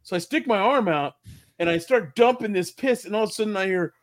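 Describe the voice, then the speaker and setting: A man's voice: high voice, normal speed. A man co-hosting a casual podcast, telling a long rambling story with restarts and laughs. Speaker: podcast co-host.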